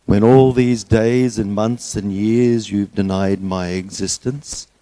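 A man doing the slow, stately voice of God. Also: on the low side, steady tone, warm tone, dry recording. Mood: solemn. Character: solemn voice of God speaking from above.

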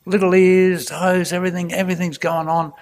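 Gently humorous clergyman. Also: high-pitched, flat delivery, a little fast. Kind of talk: reflective spoken talk.

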